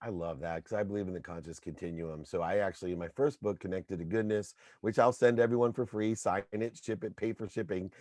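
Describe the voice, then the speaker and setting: A middle-aged man, a podcast guest, talking in an energetic, motivational way and telling anecdotes. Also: low-pitched, brisk, few pauses, no room sound, studio quality. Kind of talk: casual interview talk.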